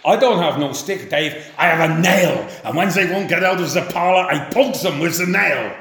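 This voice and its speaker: A man's voice: on the high side, normal speed, a bit bright, echoey room, voice pushed up. A man voicing an older German herdsman with a German accent, speaking matter-of-factly. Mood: boastful.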